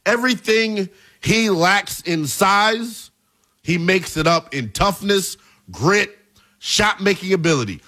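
A young man in his twenties hosts a sports talk show with emphatic, hyped energy. His voice sits high and bright, swinging widely in pitch as he punches his points home. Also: expressive, slow pace. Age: 20s. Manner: emphatic, hyped, shouting at peaks. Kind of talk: animated sports talk commentary.

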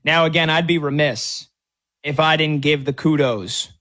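A man's voice: a little high, unhurried, sharp tone. A man hosting sports talk radio, arguing his case in a brash, mocking way.

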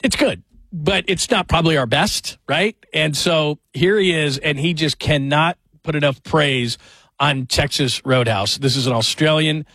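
A man's voice: on the high side, measured pace, husky, no echo. A man in his forties hosting a radio show, telling stories in a rambling, self-mocking, casual way. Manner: rambling, self-deprecating, animated storytelling. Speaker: radio host. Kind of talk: casual chat.

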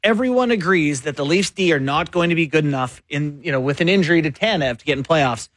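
A man co-hosting a sports talk show, making his case in a quick, conversational, opinionated way. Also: fairly high pitch, expressive, fairly bright tone, dry recording. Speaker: sports radio co-host and columnist.

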